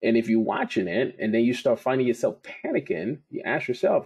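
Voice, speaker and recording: A man's voice: medium pitch, very animated, fairly quick, vocal fry, a little mellow, breathy edge. A man teaching about trading in a casual, conversational way, telling stories and repeating his key points. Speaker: trading educator.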